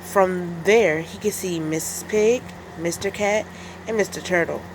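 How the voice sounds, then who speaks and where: A woman teacher reading a picture book aloud, with a slow, deliberate storytelling delivery. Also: fairly low pitch, a little hiss or hum, rough recording.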